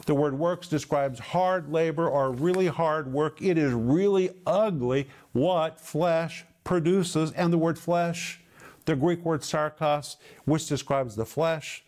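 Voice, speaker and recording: A man teaching the Bible on a television program, explaining Greek words with slow, emphatic stresses. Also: fairly high pitch, darkish tone.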